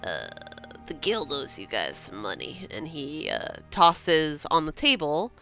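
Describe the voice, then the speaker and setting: A woman narrating a tabletop game as game master, pausing often with fillers. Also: deep voice, wildly swooping pitch, bright, forceful tone, faint music behind. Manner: hesitant with many fillers. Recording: dull lo-fi sound.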